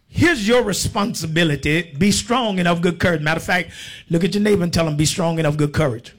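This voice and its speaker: High-voiced preacher working the congregation. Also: male voice, lively intonation, husky. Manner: slow, emphatic scripture reading broken by casual asides. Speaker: pastor. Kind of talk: sermon with scripture reading and congregation call-and-response.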